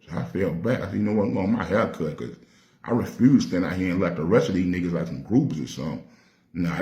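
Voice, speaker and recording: Lower-voiced Nashville rapper, streetwise. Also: male voice, darkish tone, echoey room. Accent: Southern US (Nashville). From Nashville, Tennessee. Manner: streetwise, profane, acts out quoted voices. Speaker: rapper telling stories. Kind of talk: casual storytelling.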